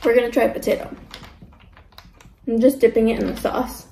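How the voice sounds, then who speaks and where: A chatty young woman talks through a casual eating vlog and slips into other people's voices as she tells her stories. Her voice sits a little high. The room around her is noticeably echoey. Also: normal speed, vocal fry, slight background noise. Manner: chatty, animated storytelling with mimicked voices. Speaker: mukbang vlogger. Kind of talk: casual chat while eating.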